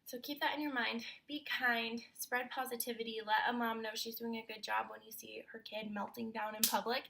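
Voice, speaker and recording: A woman's voice: a little high, little pitch movement, brisk, vocal fry, few pauses, bright, forceful tone, rough recording. A young adult woman, a mom, venting in a casual vlog monologue in an emphatic, frustrated way. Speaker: mom vlogger.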